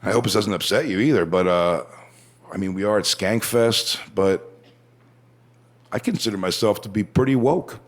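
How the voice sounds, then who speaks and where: A man's voice: fairly low pitch, moderate pace, pauses often. A man telling a crude story as a stand-up comedian, chatty and acting out what people said. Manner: crude, conversational, acts out quotes.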